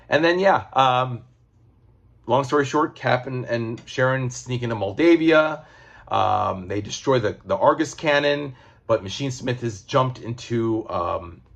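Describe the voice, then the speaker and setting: A man giving a casual, rambling comic book review, loose and profane. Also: mid-range voice.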